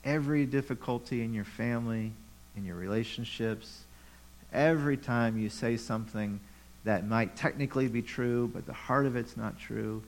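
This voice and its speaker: A man's voice: mid-range voice, low-quality recording. Male pastor, mid-range voice, conversational sermon with repeated rhetorical questions. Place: church.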